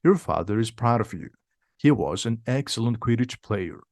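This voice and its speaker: A man reading the lines of a stern older woman who teaches magic, firm and measured. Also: mid-range voice, lively intonation, a little mellow, no room sound, clean studio sound, close to an everyday voice.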